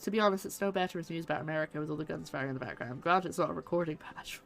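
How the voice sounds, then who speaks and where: A Scottish woman streaming a game and chatting casually in a rambling, animated way. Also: low voice, racing, gravelly, faint music behind. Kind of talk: casual chat while gaming.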